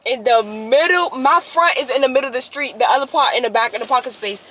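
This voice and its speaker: High bright animated young woman storyteller. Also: fast talker, slight background noise. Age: young adult. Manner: animated, addresses viewers as y'all, rises to exasperated outbursts. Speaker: vlogger telling a story. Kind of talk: casual storytime vlog.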